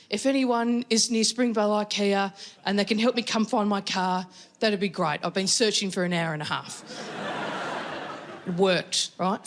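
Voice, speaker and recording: Wry Australian woman doing stand-up. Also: mid-range voice. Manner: chatty, wry, animated storytelling with quoted voices. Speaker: stand-up comedian. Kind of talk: stand-up storytelling. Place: comedy venue before a laughing audience.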